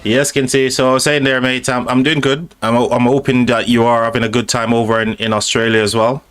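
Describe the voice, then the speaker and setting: A man's voice: medium pitch, little pitch movement, fairly quick, a bit bright, smooth. A man with a British accent hosting a live stream, chatting casually and reading out viewer comments, friendly and calling people mate and buddy.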